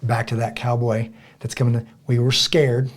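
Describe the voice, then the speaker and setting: A man's voice: medium pitch, normal speed. A man co-hosting a casual podcast, telling stories animatedly and acting out quoted dialogue. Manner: animated storyteller, acts out quoted dialogue loudly. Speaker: podcast co-host.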